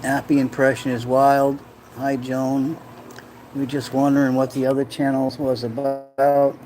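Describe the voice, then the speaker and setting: A man's voice: medium pitch, completely flat delivery, unhurried, darkish tone, a little hiss or hum. Rambling, jokey man hosting a livestream. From Rhode Island. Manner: rambling, jokey, reads chat comments aloud. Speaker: livestream host. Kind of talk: casual live-stream chat. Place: home room in the Philippines.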